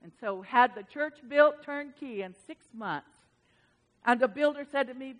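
A woman pastor preaches in a conversational, storytelling way, repeating words to press her point. Her voice sits a little higher than most women's. It carries a long reverb, as if it rings through a big sanctuary. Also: measured pace. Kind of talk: sermon. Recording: long reverb of a large hall.

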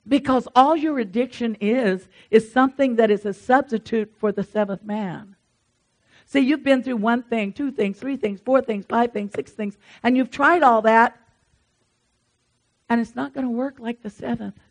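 A woman's voice: on the high side, moderate pace. A woman preaching a conversational sermon in an earnest, encouraging and folksy way, with asides to her congregation.

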